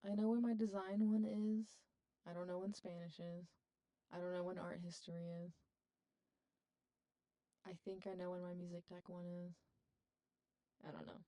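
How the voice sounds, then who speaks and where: A woman's voice: fairly low pitch, level tone, normal speed, pauses often, warm tone. A young woman co-hosting a student podcast in a casual, chatty way, laughing often. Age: young adult. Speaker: podcast co-host. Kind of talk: casual chat.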